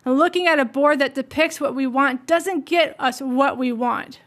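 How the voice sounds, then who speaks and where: A woman's voice: high voice, normal speed. A woman hosting a solo podcast, talking in an earnest, reflective, motivational way. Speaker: podcast host.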